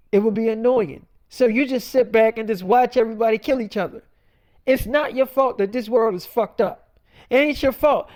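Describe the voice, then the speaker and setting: A man's voice: very high-pitched, darkish tone. Man, unscripted preachy rant, heavy swearing, rambling and blunt. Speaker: self-styled prophet vlogger. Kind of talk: profane freestyle monologue.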